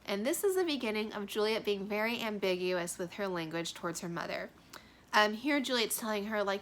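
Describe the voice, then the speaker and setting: A woman's voice: medium pitch, lively intonation, brisk. A woman teacher explaining a play in a casual, chatty way, with many fillers as she goes. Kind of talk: literature lesson explaining a play.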